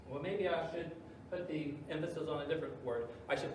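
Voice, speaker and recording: Pastor, male, sermon delivery with big loud-soft swings, heard from far off in a very echoey church. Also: on the high side, a little fast, a little hiss or hum. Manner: dramatic swings between loud emphasis and hushed asides. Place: church sanctuary.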